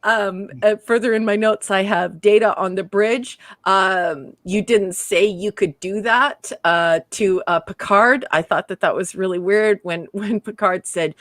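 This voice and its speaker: Woman co-hosting a review show, lively and giggly, reading off notes, dry close mic. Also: medium pitch, no room sound. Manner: animated, laughs often, reads from notes. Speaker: podcast co-host. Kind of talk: casual review chat.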